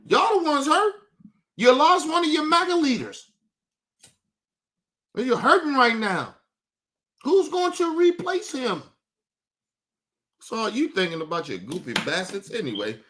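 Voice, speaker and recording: A man's voice: a little high, sing-song, moderate pace, pushed and bright. A man hosting a livestream, delivering a heated, profane rant full of restarts and repeated phrases. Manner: combative, profane, repeats himself. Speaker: livestream host.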